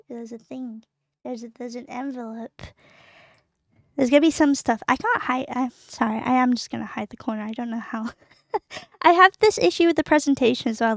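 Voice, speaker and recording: Young female streamer, bubbly and emotional; high voice with some fry, dry close sound. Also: no echo. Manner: giggly, excitable, emotional. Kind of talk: casual live-stream chat.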